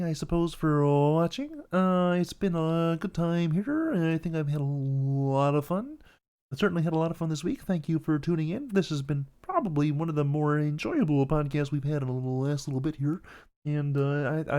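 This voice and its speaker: A man doing a goofy, cheerful frog-puppet voice while giving a halting, rambling podcast sign-off. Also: fairly high pitch, animated, pitched above the performer's own voice, close to an everyday voice. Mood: cheery. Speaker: podcast host.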